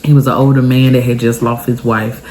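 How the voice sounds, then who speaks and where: A young adult woman telling an emotional storytime vlog, tearful and expressive, talking straight to her viewers. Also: extremely low pitch, fairly quick, slight background noise. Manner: expressive, heartfelt, chatty, addresses viewers directly. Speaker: vlogger.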